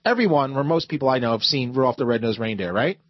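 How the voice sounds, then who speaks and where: A man hosting a call-in talk radio show, talking fast and repeating words as he builds his points. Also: medium pitch, lively intonation, no room sound. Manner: stammering, repeats words while building arguments. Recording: muffled broadcast audio.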